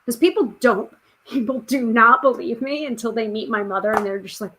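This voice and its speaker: A woman's voice: fairly high pitch, brisk, fairly bright tone, a little hiss or hum. A woman hosting a tarot podcast live stream, chatting casually and reading out viewer comments. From United States. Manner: chatty, reads out viewer comments, frequent fillers.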